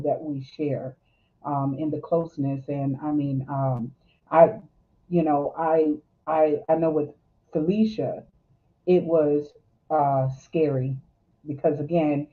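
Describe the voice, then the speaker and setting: Woman coach on a call, halting and thoughtful, sound's all thin like a phone. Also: low-pitched. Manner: thoughtful, halting, many restarts. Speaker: life coach, guest. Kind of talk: live chat interview. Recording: tinny phone-like line.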